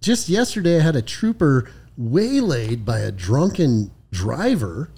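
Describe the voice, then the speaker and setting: A man, a former highway patrol lieutenant, telling a story casually on a podcast, swearing freely and tagging his lines with "right?". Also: big pitch swings, slow, creaky, mellow, husky. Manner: profane, frequent "right?" tag questions.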